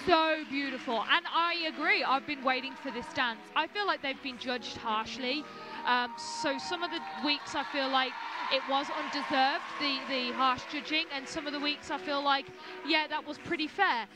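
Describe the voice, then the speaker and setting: A woman's voice: high-pitched, moderate pace, over music, low-quality recording. A woman giving gushing, emphatic backstage commentary on a dance show, often talking over her co-host.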